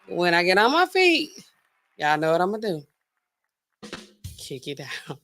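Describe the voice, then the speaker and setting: A woman's voice: lowish voice, unhurried, long pauses, a little hiss or hum. A woman hosting a livestream, chatting casually and talking straight to her viewers. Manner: chatty and animated, talks straight to her chat. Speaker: livestream host.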